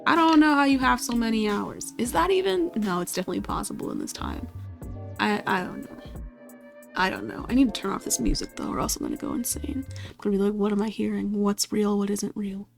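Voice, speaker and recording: A woman with a higher-pitched voice talks to herself at her computer while she plays, exasperated and swearing as things go wrong. Faint game music sits behind her. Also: sing-song, fast talker, gravelly. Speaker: gaming streamer. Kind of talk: casual chat while playing a computer game.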